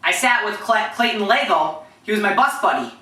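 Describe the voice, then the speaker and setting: A man's voice: high-pitched, big pitch swings, normal speed, pushed and bright. A young man rambling through stories about his football team in a casual way, with restarts and bursts into impressions of his coaches. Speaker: vlogger telling team stories. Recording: echoey room, mic at a distance.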